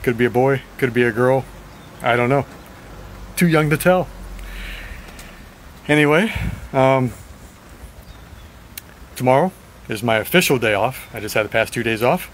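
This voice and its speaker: A man at an ordinary mid pitch talks in a loose, rambling video-diary way, frank and now and then cursing. His voice is a little raspy and short of breath. A faint hiss sits under the recording. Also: expressive, a little slow, long pauses, rough recording. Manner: rambling, frank, swears at times. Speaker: vlogger.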